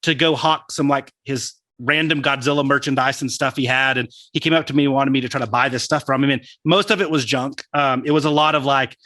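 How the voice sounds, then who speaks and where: A man's voice: mid-range voice, fairly even intonation, fairly quick, few pauses, sharp tone, no room sound. A man with a Texan accent, co-hosting a podcast in casual, enthusiastic chat about collectibles and laughing often. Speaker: podcast co-host.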